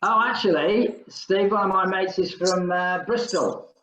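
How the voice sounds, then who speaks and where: A man's voice: high voice, unhurried, a bit bright, echoey room, highs cut off, slight background noise. An older man leading an exercise class, chatting and joking between rounds while he counts down the reps. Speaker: fitness instructor.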